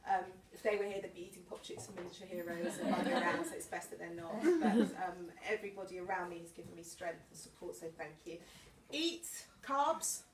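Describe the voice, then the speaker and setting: A woman in her forties giving a heartfelt, halting thank-you speech at her birthday party, often breaking into laughter. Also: lowish voice, flat delivery. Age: 40s. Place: large room or hall at a party. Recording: echoey hall from far off, crowd behind.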